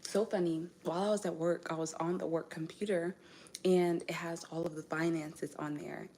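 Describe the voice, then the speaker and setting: A woman's voice: on the low side, fairly even intonation, moderate pace, a little mellow. A woman raised in the United States chats casually on a live stream. She answers viewer comments one by one and laughs often. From United States (raised in Indianapolis).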